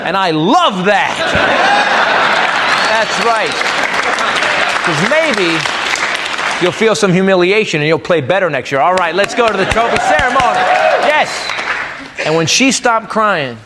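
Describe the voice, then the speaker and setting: A man's voice: high-pitched, sing-song, a little slow, pauses often, in a large hall. A man performing a crude stand-up comedy set, ranting brashly to a live audience. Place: comedy club stage before a live audience. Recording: live club recording, loud crowd and noise.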